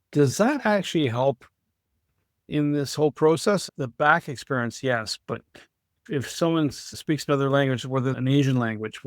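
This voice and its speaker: A man's voice: medium pitch, no echo, clean studio sound. A man with a Canadian accent, hosting a casual interview. He is conversational and curious. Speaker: podcast host.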